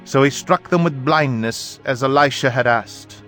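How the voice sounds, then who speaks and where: A man reading scripture aloud in a measured, even voice. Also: medium pitch. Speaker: Bible reader. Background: faint background music.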